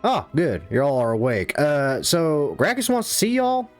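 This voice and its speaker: A man's voice: on the high side, wildly swooping pitch, moderate pace, soft background music. A man voicing a flippant, cowardly male lackey of a crime lord who babbles and stammers in a tabletop game.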